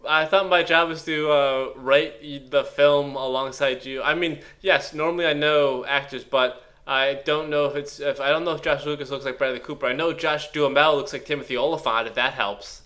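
A man's voice: a little high, fairly even intonation, moderate pace, few pauses, sharp tone. A man co-hosting a comedy podcast, riffing playfully in casual chat and laughing often.

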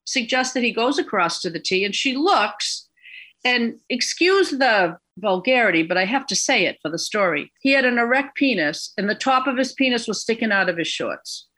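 Speaking with a fairly high, husky voice, a middle-aged woman from Boston tells a court story as an interview guest. Her intonation is lively and her tone bright and forceful at a moderate pace. She rambles off on tangents, chats casually, and laughs at how absurd it all was.

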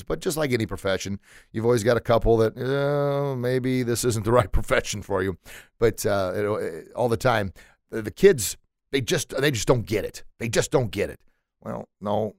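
A man's voice: lowish voice, dry recording, studio quality. A man and former teacher giving a casual motivational talk, earnestly repeating words as he searches for them and animatedly acting out how children react.

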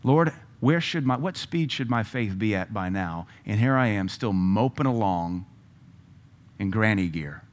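A middle-aged man preaching a sermon, emphatic, with loud bursts when he quotes scripture. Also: lowish voice, animated, a little slow.

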